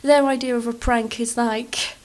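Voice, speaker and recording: A woman's voice: on the high side, fairly even intonation, normal speed, darkish tone. A young British woman hosting a game channel, telling a rambling anecdote with lots of fillers over a speed build. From Britain.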